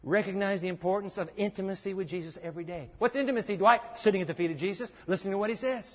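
High-voiced man preaching in echoey hall. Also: racing. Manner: emphatic, repeats points for note-taking. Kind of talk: sermon. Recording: echoey dull lo-fi hall recording.

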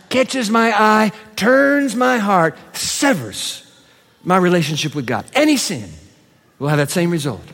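A male pastor preaching a sermon in a church, swinging between loud proclamation and hushed, quick asides. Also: high voice. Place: church sanctuary. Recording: long hall reverb.

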